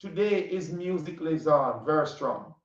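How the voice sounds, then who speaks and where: A man's voice: a little high, unhurried. Caribbean-accented man hosting, roomy and distant. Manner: animated, laughs often, repeats questions. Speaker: interview host. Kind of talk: casual video interview. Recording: distant, roomy, dull audio.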